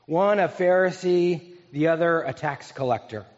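A male pastor preaching in a relaxed, conversational way, telling stories with pauses and restarts. His voice sits a little high for a man. The sound is muffled and echoes through a large hall. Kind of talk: sermon. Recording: dull, echoey hall recording.

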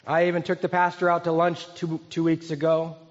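A man putting on the voice of a boastful, self-righteous man who prays loudly for everyone to hear. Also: a little high, monotone, fairly quick, natural voice. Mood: smug boasting. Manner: boastful, preening, showy. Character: smug self-righteous man praying for show. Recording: dull, echoey hall recording.

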